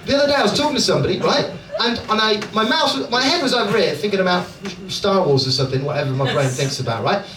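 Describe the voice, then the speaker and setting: Male comic from Dorset, chatty and sweary, high pitch, recorded from a distance. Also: expressive, quick pace. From Dorset, England. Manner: chatty, profane, frequent "right?" tags. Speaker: stand-up comedian. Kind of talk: live stand-up with crowd work. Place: comedy club in London. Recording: roomy live club, loud audience noise.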